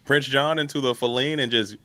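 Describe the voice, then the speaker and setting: A man's voice: mid-range voice, fairly even intonation, a little fast, bright, forceful tone, no room sound. A man co-hosting a card game review stream in casual chat, playful and jokey. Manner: playful, jokey, drops into goofy put-on voices.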